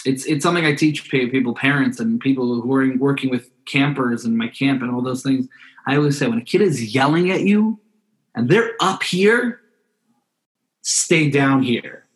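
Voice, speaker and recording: A man's voice: mid-range voice, brisk. A man speaking as a podcast guest in a casual interview, earnest and heartfelt, often restarting his sentences.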